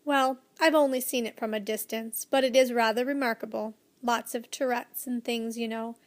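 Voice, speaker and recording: Kindly old professor, proud and emphatic, read by a high-voiced woman, storybook. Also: fairly even intonation, moderate pace, natural voice. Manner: emphatic, cheerfully lecturing. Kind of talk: storybook reading.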